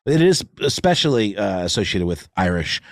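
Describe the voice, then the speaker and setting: A man's voice: lowish voice, very animated, normal speed, no echo, clean studio sound. Playful, jokey podcast co-host man. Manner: playful and jokey, with goofy voices. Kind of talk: casual podcast banter.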